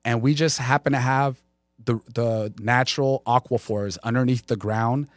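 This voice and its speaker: A man co-hosting a casual live chat show, his voice at a middle pitch and sitting close and dry in the room. He tells stories with lively energy and quotes what people told him. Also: normal speed, no echo. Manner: animated storyteller, quotes others. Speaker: co-host.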